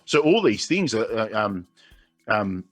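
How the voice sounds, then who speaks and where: A man's voice: on the low side, sing-song, unhurried, dry recording, soft background music. A man in his forties with an Australian accent, a guest on a casual radio chat, telling stories and acting out the people he quotes. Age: 40s.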